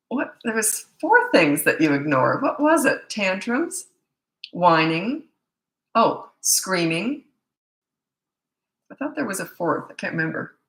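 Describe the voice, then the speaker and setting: A middle-aged woman coach fields parenting questions live, her low voice fraying as it gives out. She speaks with a bright, forceful edge. The sound bounces around a roomy space. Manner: blunt, casual, loses track mid-thought. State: losing her voice. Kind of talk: live Q&A, answering viewer questions.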